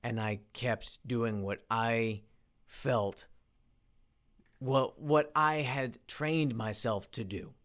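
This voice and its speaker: A man talking through a reflective solo monologue, halting with frequent restarts and repeated words, earnest in tone. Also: mid-range voice, a bit bright. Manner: earnest, self-motivating. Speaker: independent voice actor and producer.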